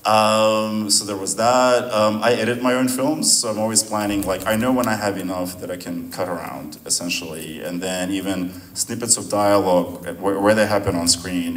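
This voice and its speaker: Filmmaker at a post-screening Q&A: man, very low voice, relaxed and rambling, caught roomy and a bit distant. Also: moderate pace, hardly any pauses. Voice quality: relaxed, rambling, laughs often. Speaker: filmmaker answering audience questions. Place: venue hall at a screening. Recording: roomy sound from a distant mic, faint noise.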